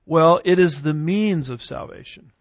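Male theology lecturer, a touch high-pitched, deliberate scripture reading, dry dull lo-fi recording. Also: no echo. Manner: reads scripture slowly with emphasis; clears throat, occasional fillers. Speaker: theology teacher. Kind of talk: classroom lecture on doctrine.

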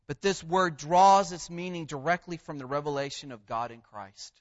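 High-voiced, emphatic male preacher. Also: expressive, lo-fi sound. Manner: measured, emphatic delivery with pauses on key words. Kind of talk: sermon.

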